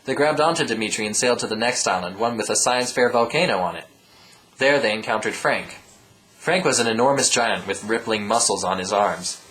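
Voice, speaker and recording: A man reading a comic storybook aloud with deadpan ad-libbed asides. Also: on the low side, fairly quick, low-quality recording. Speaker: reader.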